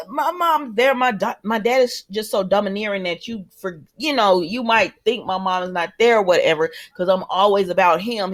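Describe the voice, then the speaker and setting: Chatty woman recapping a soap episode. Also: mid-range voice. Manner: chatty retelling that slips into quoted dialogue, many fillers. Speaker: soap opera recap reviewer. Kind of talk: casual spoken episode recap.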